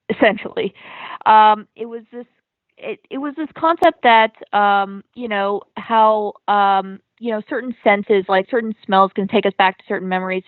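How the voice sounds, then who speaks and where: A woman's voice: mid-range voice, no room sound. Woman on a tinny, phone-like line. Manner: chatty, many ums and you-knows. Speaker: comic creator guest. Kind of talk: casual interview chat.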